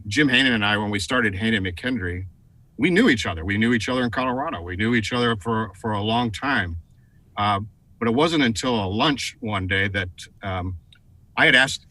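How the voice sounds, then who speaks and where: A middle-aged man tells a story as a TV interview guest. His voice is bright and forceful. He talks in an animated way and leans on fillers and restarts. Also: lowish voice, poor audio. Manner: animated, many fillers and repeated words. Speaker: guest, advertising executive.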